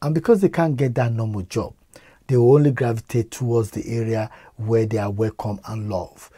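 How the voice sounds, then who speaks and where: Earnest Nigerian-British man, mellow higher voice, dry close sound; emphatic live-stream interview guest. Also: steady tone, moderate pace, no room sound. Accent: Nigerian-British English. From England. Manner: earnest, emphatic, repeats words when starting. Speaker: interview guest, community organizer.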